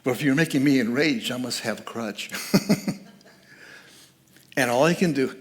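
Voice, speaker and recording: A man's voice: medium pitch, normal speed. A man speaking as guest speaker at a church service, giving a conversational, joking sermon and laughing at his own asides.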